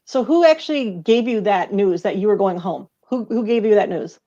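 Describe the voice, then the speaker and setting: A woman hosting an online interview, conversational and brisk as she moves the talk along. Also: medium pitch, lively intonation, mellow, muffled recording. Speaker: host.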